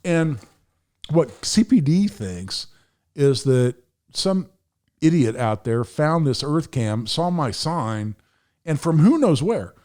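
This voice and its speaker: A man's voice: a little high, very animated, takes it slowly, darkish tone. A middle-aged man telling a story as a podcast guest, emphatic and profane, acting out the voices of the people in it. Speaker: podcast guest, firearms attorney. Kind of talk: animated storytelling.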